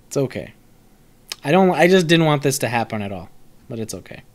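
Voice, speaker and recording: A young man streaming live as he reviews a card set. His talk is loose and lively, full of jokes and swearing, and he answers viewers in chat as he goes. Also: mid-range voice, a little fast. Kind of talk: casual live-stream commentary.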